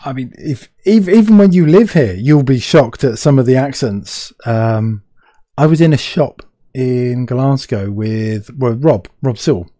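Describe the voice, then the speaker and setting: A British man hosts a relaxed interview over a video call, his voice mellow and warm. He rambles, restarts his thoughts and chats loosely. The sound is dry and close. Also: medium pitch, measured pace, dry recording. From United Kingdom. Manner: rambling, self-interrupting, chatty. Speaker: podcast host. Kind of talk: casual conversational interview.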